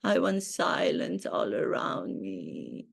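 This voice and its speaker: Woman doing a pompous self-pitying duchess, slow drawn-out delivery, gravelly fry, satirical impression. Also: very deep voice, huge pitch swings, voice pushed down, full character voice. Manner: slow, grandiose, theatrical delivery with drawn-out words. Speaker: acting coach.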